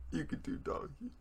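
A man's voice: extremely high pitch, darkish tone, slightly rough. A man casually calling out celebrity names for a friend to imitate, teasing and giggling as he goes. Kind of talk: casual chat.

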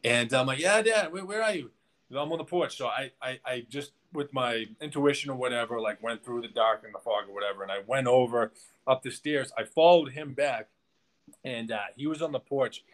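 A man speaking as a podcast guest, rambling through a personal story with lots of restarts and filler words. His pitch sits in the middle of the male range, and his talk stays loose and conversational. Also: steady tone, fairly quick.

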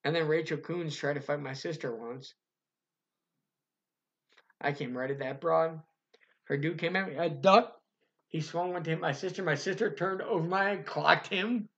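A man's voice: on the high side, moderate pace, long pauses, lo-fi sound. A young man co-hosting a podcast, telling profane stories in casual chat and acting out the quotes. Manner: profane, animated storytelling with acted-out quotes. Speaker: podcast co-host.

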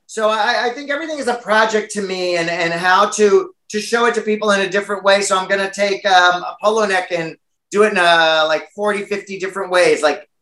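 Brief: American man, chatty interview guest, high and bright, roomy echo. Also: a little fast. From United States. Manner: chatty and animated, many fillers. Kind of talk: casual interview chat.

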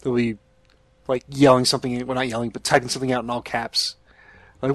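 A man's voice: mid-range voice, level tone, brisk, a bit bright, dry recording. A man chatting casually as a podcast co-host, rambling, laughing often and swearing freely. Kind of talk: casual chat.

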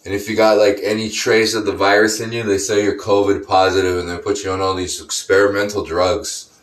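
A man's voice: on the low side, flat delivery, brisk. A man in his thirties ranting casually in a profane, rambling, sarcastic way. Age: 30s. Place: room in an apartment complex. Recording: echoey room.

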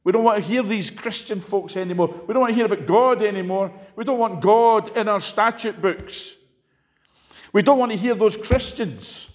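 An impassioned male preacher with a high-pitched voice. He delivers a fiery sermon, rising to loud, emphatic peaks and then dropping to hushed asides. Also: moderate pace.

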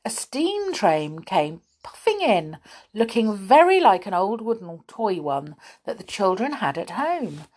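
Woman storyteller, storybook read-aloud, slow pace, lively intonation, chatty asides. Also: medium pitch. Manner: unhurried, with chatty asides to listeners.

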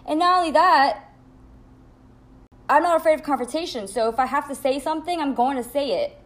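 Young woman, vlogger, storytime monologue, blunt and profane, animated telling, fairly high voice. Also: a little fast.

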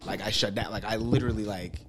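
A man's voice: on the low side, fast talker, heavy background noise. A man talking bluntly and animatedly in a casual podcast chat, swearing freely. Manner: blunt and profane, animated storytelling. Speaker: podcast guest.

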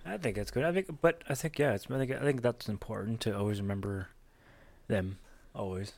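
A man's voice: mid-range voice, fast talker, creaky, darkish tone, a little hiss or hum. A man co-hosting a podcast in casual, joking chat. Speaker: podcast co-host.

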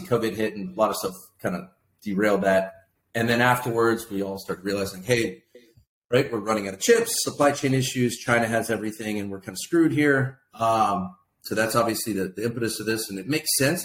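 Animated man in casual podcast chat. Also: medium pitch. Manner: animated, laughing, mimics others. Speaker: podcast co-host. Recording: echoey room with faint noise.

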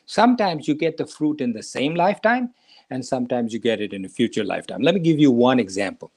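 A man in his seventies, a doctor hosting a talk show, telling an anecdote at an unhurried pace and asking himself rhetorical questions. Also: mid-range voice, sing-song, darkish tone, husky. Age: 70s. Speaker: podcast host, doctor. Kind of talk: storytelling talk.

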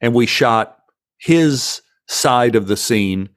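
A man, an actor guest, telling stories from film sets in an interview, emotional and animated, with frequent restarts. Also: mid-range voice, slow. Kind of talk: anecdotal storytelling in an interview.

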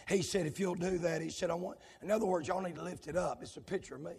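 Gravelly preacher shouting in a church. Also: male voice, big-room sound. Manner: swings between hollered, sing-song runs and low, rapid asides to the congregation. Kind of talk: shouting revival sermon.

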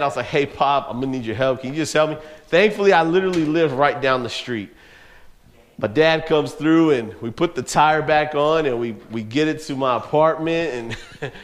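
A man's voice: on the high side, fairly bright tone. A young man preaching to teenagers, telling a story with casual slang and laughter. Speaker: youth pastor. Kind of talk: youth sermon with personal story.

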